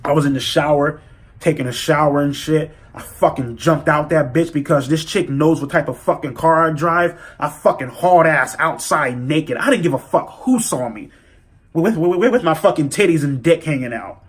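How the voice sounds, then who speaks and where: A man telling a story in a casual vlog, profane and animated as he rants. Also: a little high, normal speed. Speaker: vlogger.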